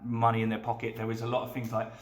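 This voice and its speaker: A man in his thirties, a bartender guest telling lively anecdotes in a casual chat and acting out the quotes. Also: mid-range voice, roomy sound. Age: 30s. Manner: rapid, lively anecdotes with acted-out quotes and frequent laughs.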